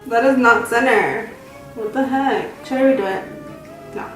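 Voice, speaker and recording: Faint music plays as a twentysomething woman does her makeup for a get-ready-with-me vlog, chatting in a rambling, self-mocking way. Her voice runs somewhat high and a bit bright at a moderate pace, picked up from a distance in a very echoey room.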